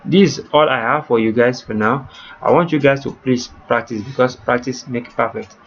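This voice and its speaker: A man's voice: mid-range voice, normal speed. A man teaching a coding lesson, walking through each step and repeating points so viewers can follow. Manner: repetitive step-by-step explaining, addresses viewers as you guys. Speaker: coding tutor. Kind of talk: screen-recorded coding tutorial. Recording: slightly muffled, faint background noise.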